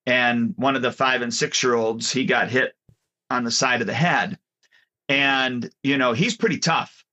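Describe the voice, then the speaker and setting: A man's voice: mid-range voice, sharp tone. A man co-hosting a casual talk about kids and habits, telling stories and often correcting himself. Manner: rambling storyteller, self-correcting. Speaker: podcast co-host, martial arts instructor. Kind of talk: casual chat.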